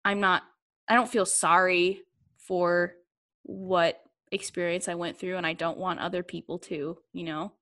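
A woman's voice: fairly low pitch, fairly even intonation, unhurried, a bit bright, low-quality recording. A woman in casual chat, talking in a rambling way full of fillers and little laughs. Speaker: guest.

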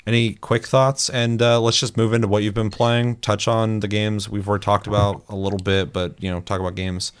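Animated young man telling gaming stories. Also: fairly low pitch, a little fast, hardly any pauses, a little hiss or hum. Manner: animated storytelling, acting out quotes, swears often. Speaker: podcast host. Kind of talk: casual chat, storytelling.

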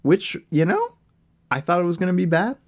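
A man's voice: high-pitched, very animated, normal speed. A man co-hosting a casual movie review chat, upbeat and playful, laughing often as he teases his co-host. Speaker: podcast co-host.

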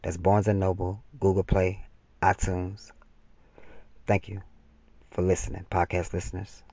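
Male author-narrator, gravelly and low, dry close sound on a dull lo-fi track. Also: monotone, a little slow, a little mellow, dry recording. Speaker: author reading his own novel. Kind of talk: first-person audiobook narration. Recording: slightly dull, dry lo-fi recording.

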